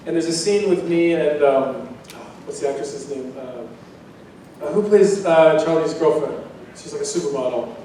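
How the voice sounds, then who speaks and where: Convention panel guest, man in his 40s, fairly high voice, rambling relaxed stories, boomy hall heard from the back. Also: normal speed, a little hiss or hum. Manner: relaxed, rambling anecdotes with restarts and acted quotes. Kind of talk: casual storytelling to a fan audience. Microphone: handheld mic recorded from far in the audience. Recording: echoey hall from far off.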